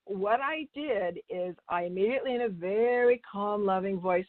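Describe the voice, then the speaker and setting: Her voice is mid-range, moderately paced with few pauses, and the recording is dry and tinny, almost phone-like. An animal communicator, she teaches by telling stories, restarting sentences midway and voicing the dialogue of the people involved.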